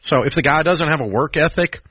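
Blunt, husky-voiced man hosting radio. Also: on the high side, brisk, sharp tone, no echo. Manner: blunt, emphatic, repeats phrases for punch. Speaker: radio show host. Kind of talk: call-in advice show. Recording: dull lo-fi radio broadcast sound.

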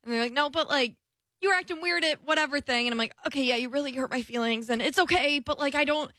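Young woman co-host, bright voice, high pitch, chatty, acts out quotes; dry close sound. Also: quick pace, dry recording. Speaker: podcast co-host. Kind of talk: casual chat.

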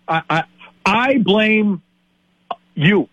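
A man's voice: sits high, lively intonation, extremely slow, fairly bright tone, husky, no echo, muffled recording. A man in his late fifties from Wisconsin, a sports talk host ranting in exasperation and tripping over repeated words. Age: 50s.

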